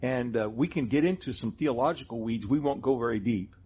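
A man's voice: medium pitch, fairly quick, darkish tone, husky. A middle-aged man co-hosting a Christian teaching talk, earnestly explaining doctrine step by step. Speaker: co-host of a Christian teaching show. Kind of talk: conversational Bible teaching. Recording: dull lo-fi sound.

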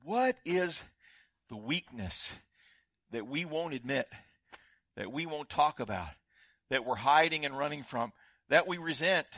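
An older man preaching a sermon as pastor, swinging from loud exclamations to hushed prayer. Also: fairly high pitch, no echo, dull audio.

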